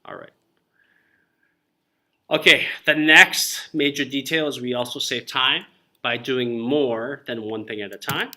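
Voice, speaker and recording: A man's voice: medium pitch, measured pace, pauses often, pushed and bright. A man teaching a college reading class, explaining ideas informally and calling on students by name. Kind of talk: classroom lecture.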